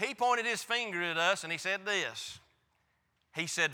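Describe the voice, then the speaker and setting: A man's voice: high-pitched, unhurried, sharp tone, in a large hall. A pastor preaching a sermon, telling a folksy, emphatic story from his own life. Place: church.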